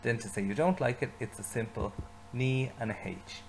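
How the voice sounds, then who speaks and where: A man teaching an Irish language lesson, saying phrases slowly and asking learners to repeat them. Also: on the low side, gravelly, a little hiss or hum, poor audio. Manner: slow repetition, leading learners to say phrases with him.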